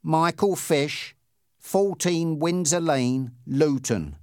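A man doing an excitable rat-faced hitchhiker. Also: slow, no room sound, clean studio sound. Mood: defensive. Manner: high, excited cheering and shouting. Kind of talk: audiobook character reading.

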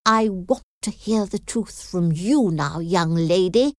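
A woman's voice: mid-range voice, lively intonation, takes it slowly, dry recording, studio quality, voice pushed up. A woman reading aloud voices a haughty, aggressive old aristocratic lady who speaks in a commanding, hostile way.

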